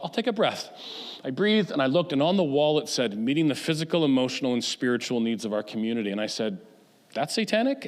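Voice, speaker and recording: A man speaks as a guest at a church, sharing anecdotes in an easy, conversational way with quick asides. His voice sits at an ordinary pitch for a man. It rings out in a big sanctuary with a long reverb trailing each phrase. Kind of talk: church talk on mental health.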